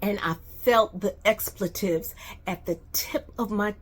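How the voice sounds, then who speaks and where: A woman's voice: mid-range voice, measured pace, breathy edge. A middle-aged woman vlogger emphatically retelling a personal family story.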